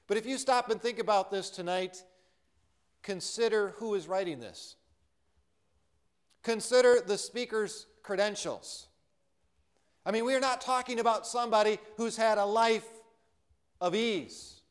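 A man's voice: high-pitched, unhurried, clear, resonant tone. An American man preaching a sermon as pastor, earnest and building on repeated refrains.

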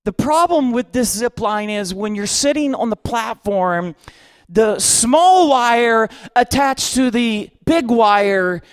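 A man delivers a sermon as a comic story, poking fun at himself with lively timing. His voice sits very high for a man. The sound is dry and close, with no room echo. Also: takes it slowly, smooth. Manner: comic, self-mocking, lively. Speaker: preacher.

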